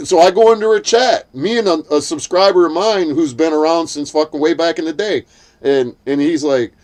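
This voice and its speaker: A man's voice: lively intonation, moderate pace, a little mellow. Foul-mouthed heated man ranting. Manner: heated storytelling, swears constantly; acts out quotes in a shrill voice. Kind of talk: profane casual chat.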